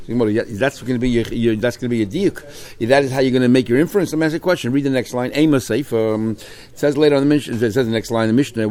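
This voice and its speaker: A man's voice: mid-range voice, a little mellow. A man teaching a Talmud study class in English, peppered with Hebrew and Aramaic terms and questions to his students.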